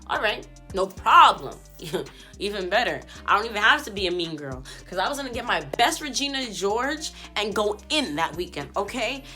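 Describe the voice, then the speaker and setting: Woman vlogger, storytime rant; bright tone, blunt and profane, voices both sides of the argument. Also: mid-range voice, big pitch swings, moderate pace, faint music behind. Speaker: YouTube host and stylist.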